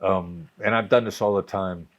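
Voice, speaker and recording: A man in his sixties, a negotiation coach, explaining in a measured way and often restarting phrases. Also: sits low, steady tone. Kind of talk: conversational explaining.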